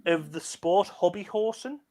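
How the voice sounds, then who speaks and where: A man co-hosts a casual live stream. His voice sits fairly high, and he rambles eagerly through long stories. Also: expressive, unhurried, mellow. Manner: enthusiastic, rambling storyteller. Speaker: co-host.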